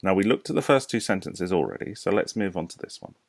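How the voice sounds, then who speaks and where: A man with a British accent, a primary school teacher giving a recorded lesson to young children, explaining slowly and patiently with questions to the class. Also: low voice, animated, no echo. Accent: British English. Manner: slow, clear, patient explaining with rhetorical questions.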